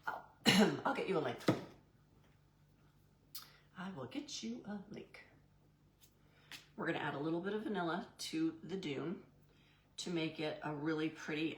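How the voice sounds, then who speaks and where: A woman's voice: sits low, roomy sound, slight background noise. A woman hosting a live painting demo who chats in a goofy way with viewers and calls them "y'all". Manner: chatty and goofy, answers live chat by name. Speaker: craft live-stream host.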